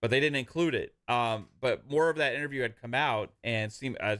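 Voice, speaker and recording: A man co-hosting a casual gaming podcast who talks in a halting way, full of uhs and restarts. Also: mid-range voice, a bit bright. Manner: hesitant, many uhs and restarts. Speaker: podcast co-host.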